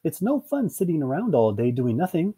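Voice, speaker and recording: Lively lady dog owner, bubbly and squeaky-high, warm husky undertone, voiced by a male reader. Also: fairly quick. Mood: cheery. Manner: bright, bubbly and high-pitched. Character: cheery energetic older woman dog owner.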